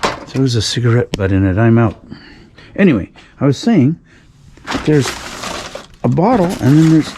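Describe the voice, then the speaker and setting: A man's voice: mid-range voice, very animated, moderate pace, pauses often. A man narrating his night dumpster dive in a casual vlog, rambling with dry sarcasm and the odd sigh, recorded outdoors at night. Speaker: dumpster-diving vlogger. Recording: outdoor recording with clear background noise.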